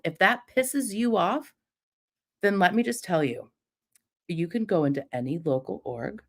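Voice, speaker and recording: A middle-aged woman ranting through a livestream, swearing freely and defiant. Now and then she mocks her critics in sneering imitations. Her voice sits slightly low for a woman. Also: animated, a little slow, pauses often. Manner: profane, defiant, mocking imitations. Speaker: livestream host. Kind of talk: heated livestream rant.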